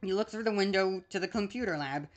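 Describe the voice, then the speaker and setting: A woman's voice: medium pitch, quick pace, soft background music. A woman streaming a video game, reading the on-screen text aloud in a casual, chatty way with small asides.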